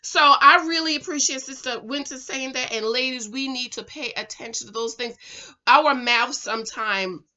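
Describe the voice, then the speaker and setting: A middle-aged woman talks to the camera in an animated, chatty way, with a rather high voice and a bright, forceful edge. She keeps calling her viewers "girl" and "ladies" and checks in with them as she talks. The sound is slightly dull and muffled. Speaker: vlogger reviewing a reality show. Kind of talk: casual chatty commentary. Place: her home.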